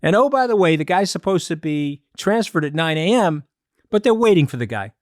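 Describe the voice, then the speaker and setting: Man, podcast guest, emphatic and animated, slightly high voice, close dry studio mic. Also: no room sound. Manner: emphatic, animated, rapid bursts of argument. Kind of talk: casual podcast discussion.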